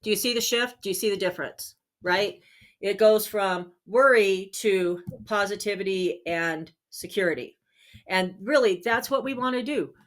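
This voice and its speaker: A woman hosting a spiritual healing channel, talking earnestly and encouragingly straight to her viewers, sometimes pausing to search for a word. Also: mid-range voice. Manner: searches for words aloud with fillers. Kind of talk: casual self-help talk.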